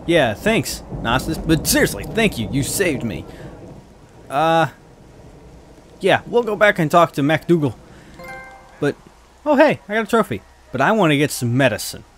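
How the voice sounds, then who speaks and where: A man's voice: fairly high pitch, very animated, moderate pace, pauses often, fairly bright tone, faint music behind. A man giving casual gameplay commentary, chatty and prone to swearing as he reacts to the game. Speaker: let's play host.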